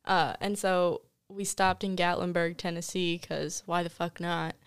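A woman's voice: on the low side, flat delivery, unhurried, smooth, dry recording, studio quality. A woman guest on a podcast, telling a rambling story full of "like" fillers in a casual chat. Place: host's home studio.

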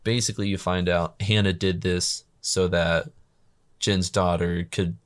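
A man's voice: low voice, level tone, measured pace. A man casually recapping a film plot with slangy jokes and profanity. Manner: joking, slangy storytelling with profanity. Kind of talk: casual chat.

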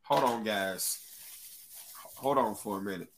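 A man's voice: lowish voice, a little slow, a bit bright. A man hosting a casual livestream, talking straight to his chat with blunt, profane remarks. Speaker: livestream host.

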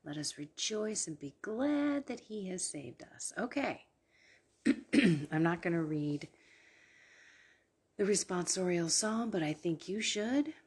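A tired woman whispers her devotional podcast late at night, her voice extremely breathy and husky. She talks slowly, in a lowish register. Her tone is earnest and encouraging throughout. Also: animated, darkish tone. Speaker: podcast host. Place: downstairs at home at night.

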